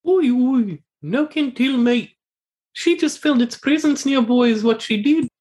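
Male GM putting on high, clipped, folksy old lady, tabletop game. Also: lively intonation, unhurried, dark tone. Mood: cheery. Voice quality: high, clipped slangy speech.

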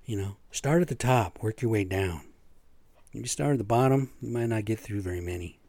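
A man rambles through his own podcast in a loose, foul-mouthed monologue, blunt and full of fillers. His voice sits a little low and sounds dry and close on the podcast microphone. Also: brisk, a little mellow, dry recording. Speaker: podcast host.

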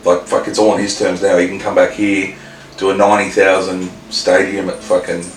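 A man's voice: sits low, monotone, fairly quick. A man with an Australian accent, co-hosting a casual podcast chat, rambling and swearing with many restarts. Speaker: podcast co-host. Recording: roomy, distant mic with faint noise.

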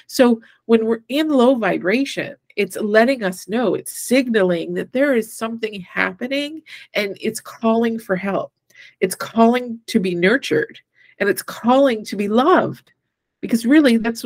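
A woman co-hosting a casual talk about energy and feelings. She speaks in a mid-range voice, animated and full of fillers, and slips into little acted quotes. The mic is close and dry. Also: medium pitch, dry recording. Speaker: podcast co-host. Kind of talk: casual spiritual chat.

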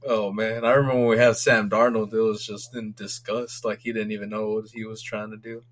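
Swearing and rambling with excitement, this man co-hosts a laid-back sports podcast and vents about how his team has been playing. He speaks a little fast, with a fairly low pitch.

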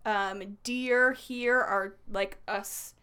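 A woman chatting casually on a podcast, telling an animated story and acting out what other people said. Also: medium pitch, extremely slow, smooth. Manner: animated storyteller, acts out quotes. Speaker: podcast co-host. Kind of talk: casual chat.

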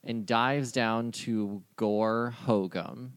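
A man running a tabletop game as game master, laid-back and laughing often, slowing down to count dice rolls. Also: fairly low pitch, fairly even intonation, clean tone, dry recording.

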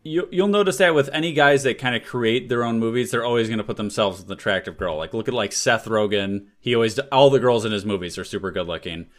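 A man's voice: medium pitch, quick pace, few pauses. A man hosting a casual podcast chat, talking loosely and laughing often. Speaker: podcast host.

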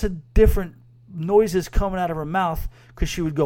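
A man's voice: a little high, fast talker, dark tone. A man hosting a podcast, rambling casually through a review with crude asides and self-mocking laughs into a microphone. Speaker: podcast host.

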